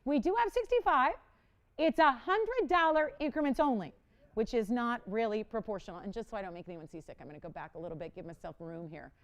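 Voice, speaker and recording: Female shopping-channel host, bright and higher-pitched, crisp smooth delivery, animated and chatty with callers. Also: quick pace. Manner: dramatic, playful self-mocking. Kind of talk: live jewelry auction selling. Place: TV studio.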